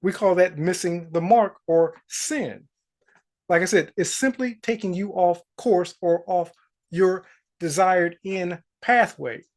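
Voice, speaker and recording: A man who coaches manifestation, giving a motivational spiritual talk and quoting scripture slowly. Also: high voice. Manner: slow, deliberate storytelling, quoting scripture.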